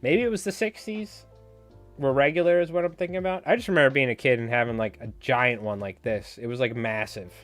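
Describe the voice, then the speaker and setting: A man chats loosely on a live fly tying stream, joking with viewers and drifting between stories. His voice sits at an ordinary middle pitch, and soft music plays beneath him. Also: a little fast. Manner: joking, rambling, talks back to chat. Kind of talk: casual live-stream chat.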